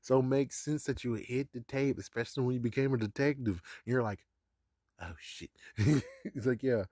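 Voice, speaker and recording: A man's voice: medium pitch, normal speed, warm tone, dry recording, studio quality. A man giving a casual episode recap, chuckling often and swearing in a sarcastic, offhand way. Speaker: show recap vlogger.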